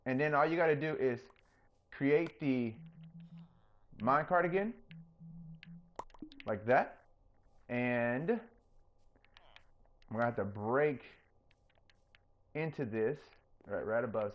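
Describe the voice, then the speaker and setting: A man hosting his own gaming channel, chatting casually through his gameplay and getting openly excited when things work. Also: slow pace, long pauses. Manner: coaxes the game character in a higher, playful voice.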